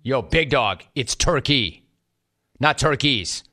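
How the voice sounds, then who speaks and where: A man's voice: medium pitch, lively intonation, measured pace, pushed and bright, a little hiss or hum. A man delivering scripted sports commentary in a wry, mocking way.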